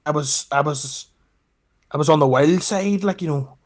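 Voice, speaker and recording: A man with a Scottish accent, co-hosting a podcast and telling a travel story in casual, animated chat that is peppered with swearing. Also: a little high, moderate pace. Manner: animated storyteller, swears, repeats "let me tell you something". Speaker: podcast co-host.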